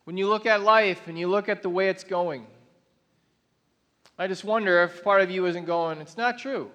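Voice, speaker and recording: A man preaching a sermon to a large congregation, earnest, slowing down to stress key lines. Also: high-pitched, steady tone, fairly bright tone, highs cut off. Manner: earnest, builds to emphatic slow declarations. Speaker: pastor. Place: large church auditorium. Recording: long reverb of a large hall.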